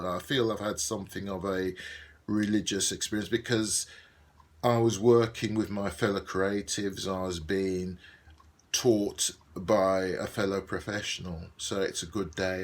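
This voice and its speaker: Middle-aged man, Birmingham accent, low pitch; casual video diary, rambling, filler-heavy. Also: fairly even intonation, measured pace. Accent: Brummie. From Birmingham, England. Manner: rambling, filler-heavy, many ums and restarts. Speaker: actor and video diarist.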